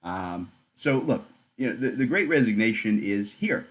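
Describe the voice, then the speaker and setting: Low-voiced man, joking podcast host. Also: animated, moderate pace. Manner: joking, blunt and chatty. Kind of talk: casual podcast chat.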